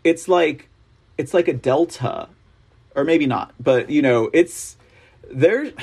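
A man with a slightly husky, fairly high voice hosts a casual news commentary show. He reads articles aloud and drifts into rambling, wry asides, chuckling at his own jokes. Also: darkish tone.

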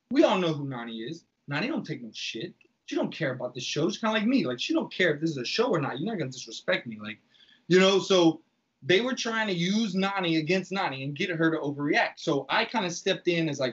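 A man's voice: high-pitched, a bit bright, breathy edge, highs cut off. A man telling a story in casual, profane talk, acting out the lines he quotes. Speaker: podcast guest recounting reality TV.

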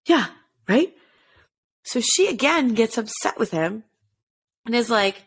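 A woman with a gravelly, creaky edge to her voice tells a story in a loose, chatty way. She jumps up and down in pitch to act out what people said, then drops back to her everyday voice. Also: lively intonation, slow pace, pauses often. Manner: chatty, acts out quotes with shifts in pitch. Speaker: podcast host telling a true-crime story. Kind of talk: casual storytelling chat.

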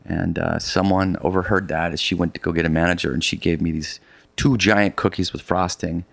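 A middle-aged man telling a long story in a casual conversation, animated and rambling with many restarts. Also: deep voice, fairly quick, creaky, no room sound. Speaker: guest, polar expedition adventurer.

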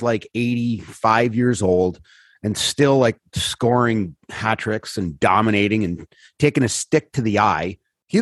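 A man with a husky, slightly breathy voice, caught up in a casual sports rant. He sounds exasperated and swears freely, and his pitch shoots up when he gets fired up. The sound is dry and close. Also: no echo. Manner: exasperated rants, swearing, voice jumping high when worked up. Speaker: podcast co-host.

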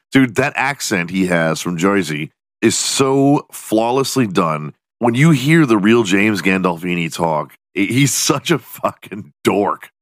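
A man's voice: sits low, fairly bright tone, no echo, clean studio sound. A man hosting a solo podcast, rambling and joking with lots of swearing. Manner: profane, rambling, jokey. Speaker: podcast host. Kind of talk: casual solo podcast rant.

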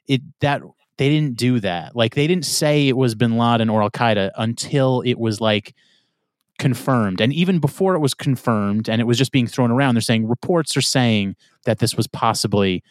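A man's voice: medium pitch, normal speed, no room sound, clean studio sound. A man hosting a podcast in casual chat, laid-back, filler-heavy and swearing. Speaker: podcast host.

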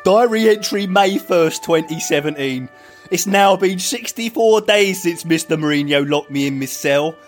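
A man's voice: high voice, moderate pace, music in the background, lightly acted. A man voicing a whiny, childish young male footballer reading his own diary in a mock-earnest way. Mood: self-pitying.

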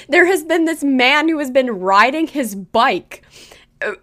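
A woman's voice: high voice, takes it slowly, a bit bright. A woman co-hosting a podcast, chatting casually and laughing as she tells a story. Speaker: podcast co-host. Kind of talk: casual chat. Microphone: video call on computer.

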